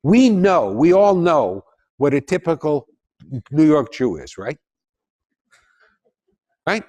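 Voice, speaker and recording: A man lecturing to a live audience in a fairly high voice, his pitch leaping around with lively emphasis. He is animated and jokey and keeps turning to the crowd with questions. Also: slow, long pauses. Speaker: author giving a lecture.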